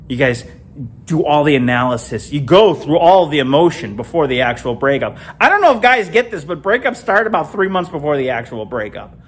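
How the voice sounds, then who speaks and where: A middle-aged man from Illinois doing an animated stand-up comedy set alone in an empty comedy club, with punchy delivery and big jumps in pitch.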